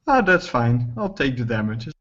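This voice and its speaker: A man's voice: mid-range voice, sing-song, moderate pace, fairly bright tone. Joking man tabletop player. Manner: joking, casual. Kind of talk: casual tabletop game chat. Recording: muffled lo-fi recording.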